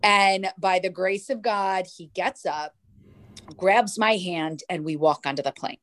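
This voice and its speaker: A woman from New Jersey, a guest in an interview, telling her life story with lively restarts and acted-out quotes. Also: fairly low pitch, unhurried, dry recording.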